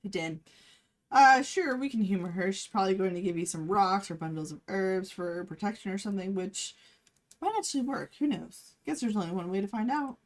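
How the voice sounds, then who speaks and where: A woman's voice: medium pitch, a little fast. A young woman co-hosting a game stream, making dry teasing remarks and reading out the game's narration. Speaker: let's play co-host and narrator. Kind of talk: casual chat and reading game text.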